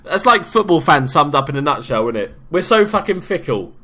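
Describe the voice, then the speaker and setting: A man's voice: on the high side, sing-song, a little fast, bright, forceful tone. A young man from England giving casual, sweary, jokey let's-play commentary as a gaming YouTuber.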